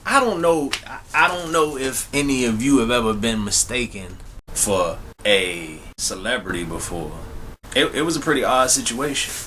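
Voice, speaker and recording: A man's voice: medium pitch, animated, moderate pace, pushed and bright, a little hiss or hum. A young man telling a personal story to his viewers in a laid-back, slangy way, often speaking to them directly. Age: young adult. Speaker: vlogger. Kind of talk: casual storytelling to camera.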